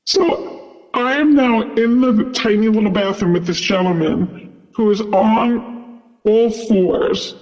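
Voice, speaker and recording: A man's voice: high voice, slow pace, darkish tone. A man who works as a flight attendant telling a story casually, full of "like" and "you know". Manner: chatty, lots of "like" and "you know". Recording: dull sound with long reverb.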